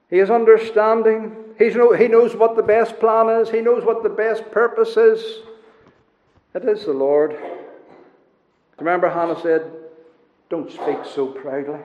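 A man preaching a sermon, driving his points home with repeated phrases. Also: high voice. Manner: emphatic repetition, rising and falling. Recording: echoey church hall, dull lo-fi sound.

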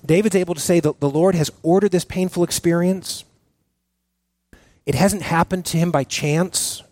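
A male pastor delivers a sermon in an earnest, halting way, circling back with fillers and restarts as he works toward his point. His voice sits a little higher than most men's. The recording is dry and close, with almost no room sound. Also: steady tone, darkish tone, no echo.

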